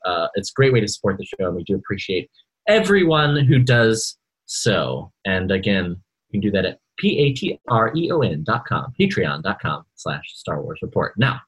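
A man's voice: sits low, breathy edge, poor audio. A man co-hosting a podcast, chatting casually and rambling with lots of fillers and restarts. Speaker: podcast co-host.

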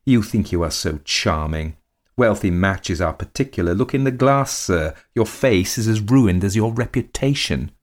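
A man doing a shrill, scornful old countess. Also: animated, normal speed, close to an everyday voice. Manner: shrill, mocking, querulous. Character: vain aging countess, sharp-tongued and shrill. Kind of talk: audiobook character voice.

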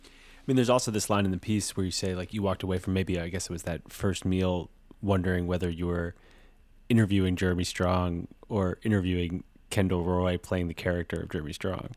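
A man hosting an interview podcast, asking measured, probing questions. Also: low-pitched, fairly even intonation, a little mellow, no echo. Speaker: podcast host.

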